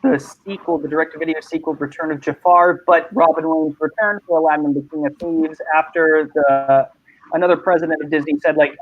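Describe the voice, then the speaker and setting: A man hosts a casual online panel chat, his voice sitting a little high as he rambles along in animated bursts. The sound is muffled and lo-fi. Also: brisk. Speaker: host. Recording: muffled lo-fi mic.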